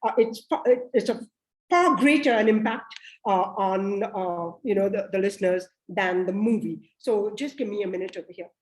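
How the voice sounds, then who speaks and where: A woman's voice: medium pitch, moderate pace, reverberant, rough recording. A woman lecturing on a play over a video call, explaining with many fillers. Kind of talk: online literature lecture.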